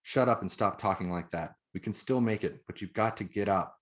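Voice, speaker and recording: A man's voice: on the low side, fairly quick, natural voice. A man reading the lines of a tough, frightened young woman soldier, urging and snapping. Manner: urgent, snapping.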